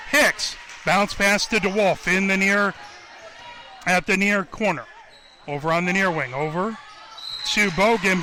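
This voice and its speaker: A man calling a basketball game play-by-play for radio, naming each pass in a rapid running call and getting louder at scores. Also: sits high, slight background noise.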